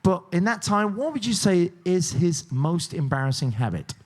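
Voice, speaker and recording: A man's voice: sits high, sing-song, normal speed. A man hosting a cruise ship game show, joking and teasing the contestants in upbeat patter.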